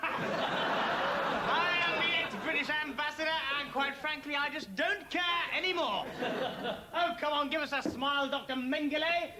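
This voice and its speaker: An actor playing a rude, bigoted ex-British ambassador in a TV comedy sketch, blustering out insults. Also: male voice, very high-pitched, a little slow, a crowd in the background. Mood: sneering. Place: TV studio with live audience. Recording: studio audience laughter.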